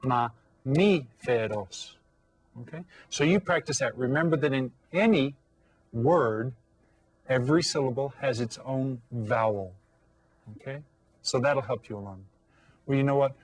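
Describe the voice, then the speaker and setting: Speaking in a mid-range voice, this man teaches elementary Spanish to children over video. He's patient, repeating words slowly, making sure they follow, and calling out energetic classroom instructions.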